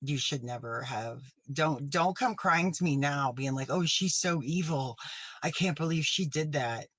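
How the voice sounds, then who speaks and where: A man playing a petty, vindictive woman livestreamer in a comedy sketch, accusing and self-righteous, sometimes dropping to a sharp whisper. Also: fairly high pitch, a little slow, no echo, low-quality recording. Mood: scolding.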